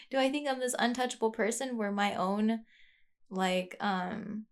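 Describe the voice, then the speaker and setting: A woman's voice: on the high side, slow pace. Young woman musing on her podcast. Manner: rambling, reflective, with frequent fillers and restarts. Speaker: podcast host. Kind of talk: casual personal monologue. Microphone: plugged-in podcast mic.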